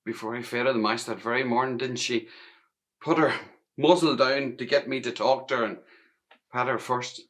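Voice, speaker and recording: A man with a Northern Irish accent playing a grown stableboy looking back on his youth in a theatrical monologue, speaking reflectively and often hushed. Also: mid-range voice, fairly even intonation, normal speed, close to an everyday voice. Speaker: actor in a one-man play.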